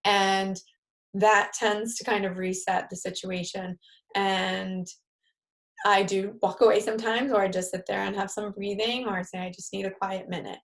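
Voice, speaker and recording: A woman's voice: medium pitch, level tone, normal speed, gravelly. Woman leading a parenting workshop. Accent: New York. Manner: conversational, acts out example phrases to children. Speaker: parenting group leader. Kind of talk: live-streamed parenting workshop talk.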